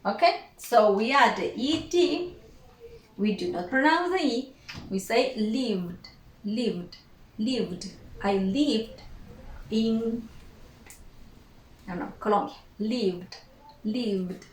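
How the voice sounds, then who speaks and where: A woman teaching English walks through pronunciation in a slow explanatory lesson, drilling each word by repeating it slowly and often asking "okay?". Her voice is a little high and animated, with slight background noise. She's in a room with a whiteboard, recorded by a distant camera, so the sound is echoey and far from the mic.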